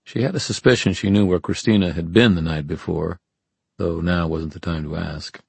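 A man reading an audiobook in calm, measured narration. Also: low voice, vocal fry, slightly rough, no room sound. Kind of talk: scripted narration.

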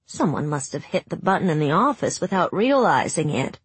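A woman narrating a story in a hushed, emotive reading that sinks to near whispers, with a breathy voice. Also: sits low, big pitch swings, a little fast. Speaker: audiobook narrator. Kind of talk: scripted narration.

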